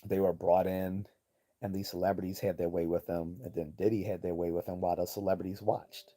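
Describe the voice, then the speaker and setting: A man's voice: low-pitched, flat delivery, fairly quick, mellow. A man hosting a livestream, giving blunt, profane, rambling commentary and reading chat messages aloud. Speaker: livestream host.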